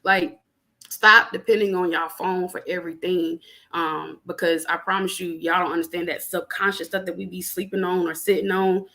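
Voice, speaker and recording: A young adult woman in casual spiritual chat on a podcast, animated and preachy, talking plainly with lots of fillers. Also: fairly low pitch, moderate pace. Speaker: podcast guest.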